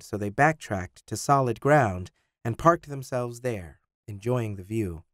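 A man narrating an audiobook with expressive storytelling. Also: mid-range voice, dry recording, clean studio sound. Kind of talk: scripted narration.

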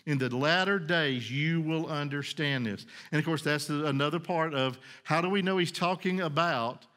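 A man with a somewhat high voice preaches a sermon as pastor. He reads scripture aloud and then explains it in emphatic paraphrase. He sinks low and quiet whenever he speaks God's promises. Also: normal speed.

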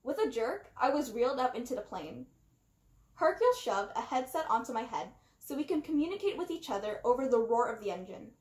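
A woman gives an animated storybook read-aloud, with a high voice that leaps all over. She acts out the first-person narrator as she goes. The recording has a roomy, echoing sound. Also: a little fast. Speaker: storybook reader. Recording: roomy echo.

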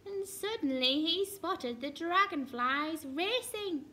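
A woman teacher reading a picture book aloud to young children with slow, expressive storytelling. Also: high-pitched, a little hiss or hum.

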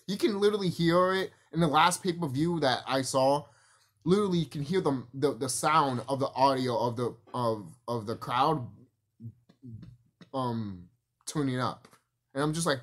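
Male vlogger, very animated pitch, swearing freely in a loose rambling rant. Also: moderate pace. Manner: profane, animated, rambling with restarts and laughs. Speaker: wrestling commentary vlogger. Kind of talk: casual opinion rant.

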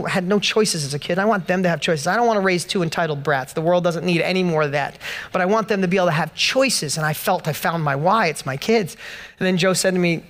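A man's voice: high voice, fairly bright tone. A man giving a motivational speech to a live audience at an event, telling a personal story with passion and building to emphatic peaks. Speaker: motivational speaker. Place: event hall stage.

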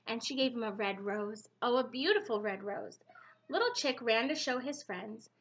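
Animated high-voiced woman reading to children. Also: normal speed, highs cut off. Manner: animated, exclamatory storytelling with gasps. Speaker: preschool teacher. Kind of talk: children's story time reading.

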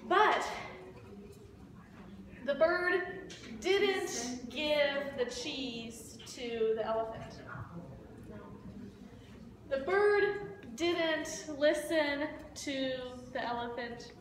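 A woman teacher retells a simple story to learners in a high voice, repeating each key phrase several times. Her delivery is extremely slow and deliberate. The room is very echoey, with faint ambience behind her. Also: lively intonation, recorded from a distance, a little hiss or hum. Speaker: language teacher. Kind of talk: slow story-listening lesson.

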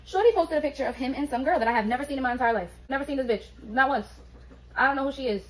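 A woman, telling a story on her vlog in an animated, profane, streetwise way. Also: high voice, rapid-fire, rough recording. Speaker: beauty vlogger.

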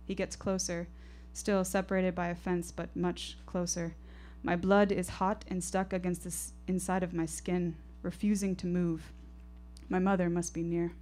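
A woman with a somewhat low voice telling a first-person story on a live stage. Her delivery is intense, poetic and rhythmic, landing each phrase deliberately. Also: little pitch movement, darkish tone.

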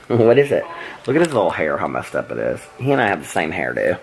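A man's voice: sits low, sing-song, normal speed, gravelly, long pauses. A man vlogging casually, chatty and laughing often as he talks to his pets. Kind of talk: casual daily vlog chat.

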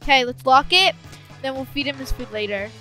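A woman co-hosting a playful video game commentary, excitable and often shouting as she plays. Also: sits high, fairly quick, loud music behind the voice. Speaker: gaming channel co-host. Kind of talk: excited Let's Play commentary.

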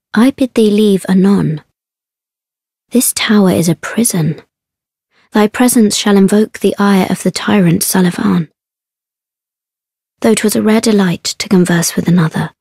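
A woman voicing a gentle, solemn imprisoned woman in a video game, speaking slow, formal, archaic lines with a breathy voice. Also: mid-range voice, no echo, studio quality. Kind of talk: game character dialogue.

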